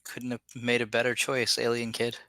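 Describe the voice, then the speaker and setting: A man's voice: medium pitch, completely flat delivery, normal speed, sharp tone, no room sound. A man in casual group chat, making wry comments and sharing trivia. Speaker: watch-along co-host.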